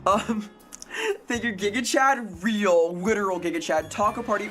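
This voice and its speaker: A young adult woman streaming live, chatting casually with viewers and getting excitable and sweary when thanking them. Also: medium pitch, a little slow. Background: faint music.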